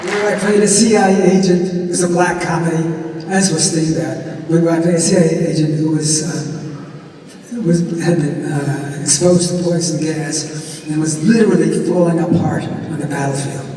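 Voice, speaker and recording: An older man, a guest on a convention panel, telling anecdotes in an animated, emphatic way. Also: a little high, moderate pace, a little hiss or hum. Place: large convention hall. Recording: echoey hall, distant mic.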